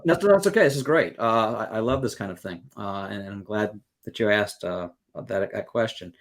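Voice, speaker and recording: In an expressive, fairly low voice at a moderate pace, a Southern American music educator explains earnestly in a podcast interview. He leans on everyday analogies and acts out quoted exchanges.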